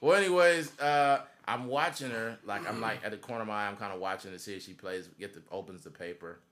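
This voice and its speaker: A man's voice: lowish voice, fast talker, a bit bright. A man in his thirties hosting a podcast, telling a story in a casual, profane way and laughing as he goes. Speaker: podcast host.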